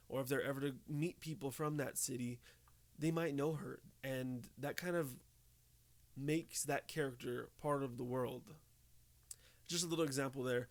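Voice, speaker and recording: A young man giving casual tips to camera, talking conversationally and often checking in with "okay?" and "right?". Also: fairly high pitch. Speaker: tabletop game tips host.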